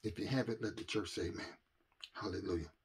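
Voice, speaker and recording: A man preaching a sermon, moving from quiet scripture reading to loud, repetitive preaching cadences. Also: lowish voice, fast, slightly rough. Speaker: minister.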